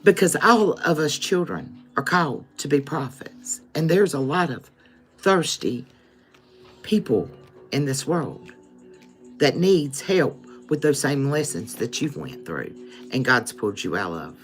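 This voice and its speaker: Low-voiced woman reading tarot live. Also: animated, a little slow, soft background music. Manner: talks to viewers as collective, repeats okay. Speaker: tarot reader.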